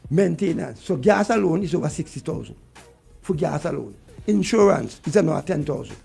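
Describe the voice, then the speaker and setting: Vincentian guy going off on the government, dark rough voice, kinda high. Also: lively intonation, fairly quick, faint music behind. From Saint Vincent. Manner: vexed, ranting, repeats points. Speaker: radio guest. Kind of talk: heated political talk.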